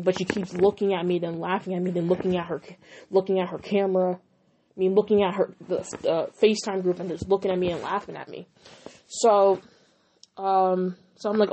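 A woman's voice: mid-range voice, normal speed, warm tone. A young woman recounts a personal falling-out in a casual storytime vlog. She talks heatedly and swears freely, acting out the lines she and her friends said. Her voice sits in a medium range. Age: young adult. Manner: heated, profane, emphatic retelling with quoted dialogue.

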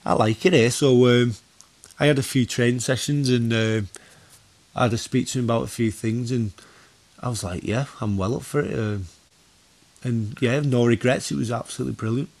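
A man in a casual podcast interview, telling football stories with lots of fillers and restarts. His pitch sits in the middle range for a man, and he sounds like a man in his thirties. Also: normal speed. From northwest England. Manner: animated storyteller, many fillers and restarts. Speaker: former goalkeeper, podcast guest.

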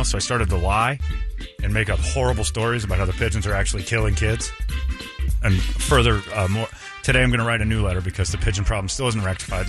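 A male radio host, ranting and joking loudly in casual banter with his co-hosts. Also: fairly low pitch.

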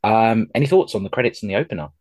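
A man's voice: lowish voice, lively intonation, racing, darkish tone. A young man hosting a casual podcast, rambling with many ums and restarts, self-deprecating. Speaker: podcast host.

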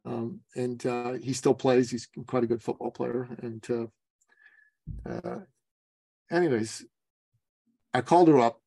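A man in his forties, a business coach telling a story as a podcast guest, lively and acting out other people's lines. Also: mid-range voice, unhurried, vocal fry, pauses often, slightly rough, no echo. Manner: lively storyteller who acts out quoted voices.

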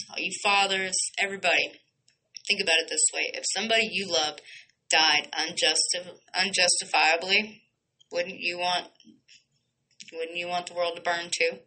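A woman's voice: on the low side, bright, forceful tone, poor audio. A woman hosting a podcast, speaking in an impassioned monologue, blunt and emphatic, swearing freely and restarting phrases as she goes. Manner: repeats and corrects phrases mid-sentence. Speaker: podcast host.

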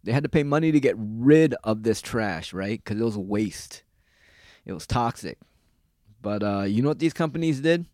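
A man's voice: medium pitch, animated, moderate pace, darkish tone, dry recording, studio quality. A man ranting casually in a sarcastic, profane and rambling way, jumping from one complaint to the next.

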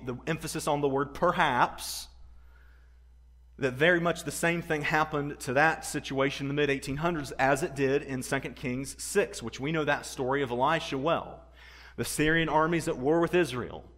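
A man preaching a sermon, telling a story with animated energy, repeating words and acting out the people he quotes. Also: on the high side, normal speed. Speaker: pastor.

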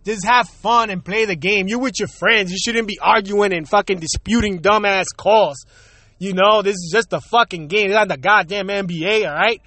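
A middle-aged man with an unusually high-pitched voice vents straight to his audience. He swears freely, repeats himself and keeps hammering rhetorical questions in a heated rant. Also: moderate pace, bright, forceful tone, no room sound. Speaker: vlogger. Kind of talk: profane ranting monologue.

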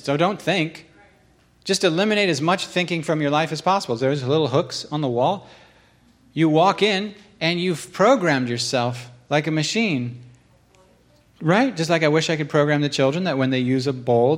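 High-voiced man preaching casually. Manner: animated, jumps between low asides and high outbursts; self-deprecating, laughs at himself. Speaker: pastor. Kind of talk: casual sermon storytelling.

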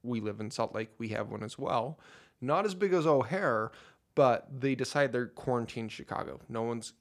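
A man co-hosting a casual movie podcast, rambling and animated as he talks. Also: mid-range voice, moderate pace. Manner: rambling, animated, laughs often. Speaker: podcast co-host.

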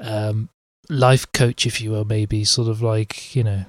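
A man's voice: fairly low pitch, little pitch movement, unhurried, no echo, studio quality. Blunt, jokey man in casual chat. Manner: blunt, jokey, trails off and repeats himself. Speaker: podcast co-host.

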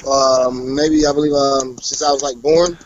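A young adult man, a professional wrestler, talking casually in an interview and breaking into animated promo-style trash talk. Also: medium pitch, measured pace, lo-fi sound, background noise. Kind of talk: casual interview over a call.

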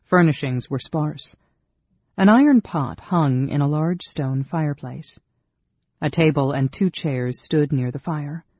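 Brief: male narrator, measured scripted reading, husky tone, dead-dry booth. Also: fairly high pitch, darkish tone, no echo. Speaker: audiobook narrator. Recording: dull, dry studio sound.

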